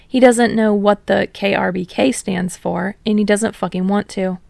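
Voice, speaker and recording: A woman's voice: medium pitch, fairly even intonation, moderate pace, vocal fry, a little mellow, dry recording, clean studio sound. A woman reading a fan story aloud as a podfic reader, then chatting casually to listeners with fillers. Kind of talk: story narration and casual outro.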